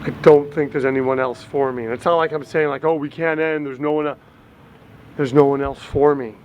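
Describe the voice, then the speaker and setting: A man's voice: fairly high pitch, fairly even intonation, a little fast, a little mellow, natural voice, poor audio. An actor playing a dumped young man who rambles and pleads in a video message to his ex, outdoors near traffic. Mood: pleading. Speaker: lead character in a short comedy film. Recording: street noise with passing vehicles.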